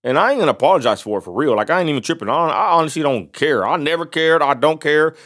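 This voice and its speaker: A man's voice: fairly high pitch, animated, fast talker, a bit bright. A man from Texas, ranting bluntly in a vlog and repeating himself for emphasis. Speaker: vlogger.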